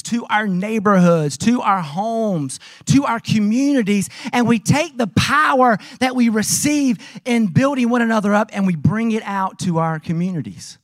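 A young adult pastor with a Southern US accent preaching a sermon, emphatic and repetitive, swinging from soft, low passages to shouted calls. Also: a little slow, few pauses. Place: church sanctuary.

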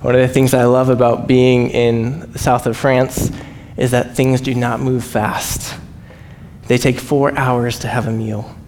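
A man preaching as a missionary, telling stories with lively acted-out voices and frequent laughs. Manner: animated, acts out quoted voices, laughs often. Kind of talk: storytelling sermon. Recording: echoey hall, faint rumble.

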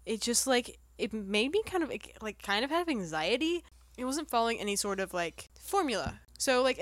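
A woman's voice: fairly high pitch, fairly bright tone, no echo. A woman speaking casually, peppering her talk with fillers. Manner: casual, filler-heavy chatter.

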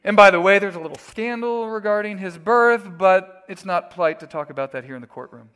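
A preacher voicing pompous religious men raising mock-formal objections in a courtroom. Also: male voice, sits high, a little fast, a bit bright, clean tone. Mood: indignant.

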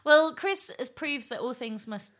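A woman hosts a casual chat with friends. She sounds cheerful and laughs often, with a lively, animated pitch. Her voice is bright and slightly high. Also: a little slow.

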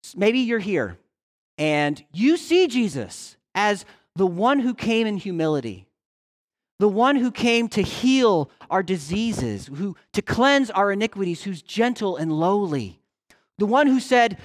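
A man preaching a sermon as pastor in a conversational way, often checking in with his listeners and swinging between loud and hushed delivery. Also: high voice, very animated, unhurried. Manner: conversational, with frequent "right?" check-ins.

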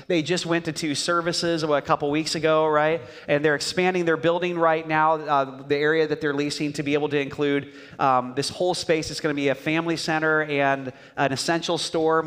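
Man, pastor, rambling church introduction, fairly high pitch, reverberant sanctuary. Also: clean tone. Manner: warm-hearted, rambling with fillers. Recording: long church hall reverb.

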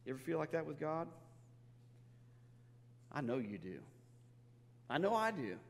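Earnest preacher in a reverberant hall. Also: male voice, on the high side, big pitch swings, a little slow, creaky. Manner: earnest, conversational preaching with repeated restarts and acted-out quotes. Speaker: pastor. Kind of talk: sermon.

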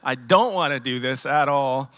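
A man giving a personal testimony to his church congregation, emotional and halting, often repeating and restarting his words into a handheld microphone. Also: medium pitch, a bit bright, no room sound. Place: church sanctuary.

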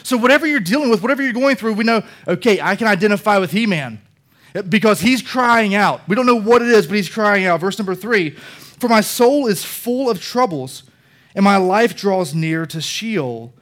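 A high-pitched man delivers a sermon from the pulpit. He explains scripture in a conversational way, then swells into loud, animated passion as he drives his points home. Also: moderate pace. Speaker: pastor.

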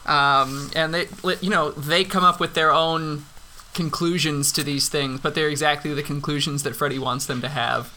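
A man's voice: a little high, steady tone, moderate pace, bright, forceful tone, a little hiss or hum, low-quality recording. A man co-hosting a casual book discussion, enthusiastic with hesitant fillers. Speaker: podcast co-host.

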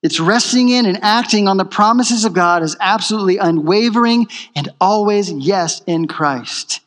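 A man's voice: high voice, normal speed, a bit bright, long reverb tail. A man preaching a sermon in a church, emphatic and repeating his key phrases. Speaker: pastor.

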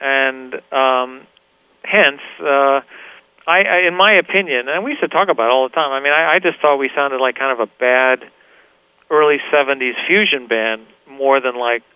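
Man, guitarist guest, rambling casual chat, smooth resonant voice, narrow phone sound. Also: medium pitch, normal speed, no echo. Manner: rambling, frequent "you know" and restarts. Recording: tinny phone line.

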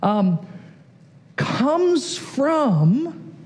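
High-voiced, lively male pastor preaching. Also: very slow. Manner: animated, jokey, often rises to a shout. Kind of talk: sermon.

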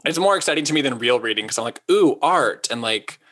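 Bright-voiced young man rambling casually. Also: mid-range voice, expressive. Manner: rambling, lots of "like", quick asides. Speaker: podcast co-host. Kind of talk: casual chat.

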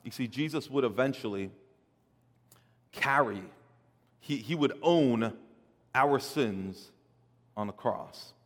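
A man preaching a sermon, swelling loud and dropping soft, often repeating words as he builds a point. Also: medium pitch, takes it slowly, pauses often, in a large hall. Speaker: pastor.

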